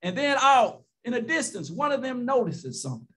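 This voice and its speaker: A man's voice: extremely high pitch, sing-song, a little fast, bright, forceful tone, slightly rough. A man preaching a sermon as pastor, building his points with rhetorical questions and repeated phrases, sometimes stretching words out for emphasis.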